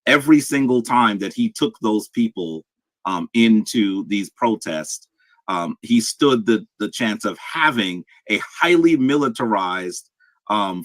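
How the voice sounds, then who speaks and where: Man, stream host, animated pitch, dry close sound, measured lecturing delivery. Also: no echo. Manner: measured, lecturing, addresses chat. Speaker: show host. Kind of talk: live-stream discussion.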